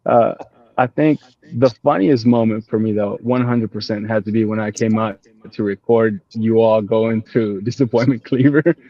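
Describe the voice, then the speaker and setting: A man's voice: lowish voice, normal speed, no room sound, lo-fi sound. A man casually telling a funny story from a group climb, laughing as he retells it. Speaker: climb team member.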